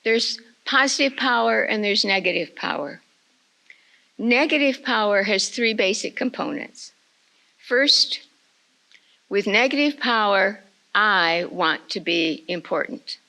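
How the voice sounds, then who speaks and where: An older woman giving a retreat talk, telling a family story in a slow, measured way. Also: medium pitch, lively intonation, creaky, bright, forceful tone, rough recording. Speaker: retreat speaker.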